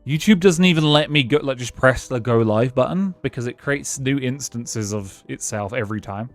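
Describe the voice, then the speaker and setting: A man's voice: medium pitch, moderate pace, no echo, soft background music. Chatty male game streamer, dry sound. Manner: rambling, chatty, answers chat and thanks followers. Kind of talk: casual live-stream chat while gaming.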